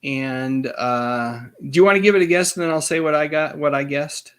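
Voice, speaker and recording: A man hosting a live-stream trivia quiz, chatty and reading out the answer choices slowly. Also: on the high side, fairly bright tone, clear, resonant tone. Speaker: host.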